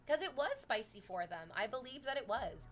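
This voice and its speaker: A woman's voice: fairly high pitch, fairly quick, faint music behind. Chatty young woman streamer. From Canada. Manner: chatty, swears freely, animated storytelling. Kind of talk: casual chat with live chat.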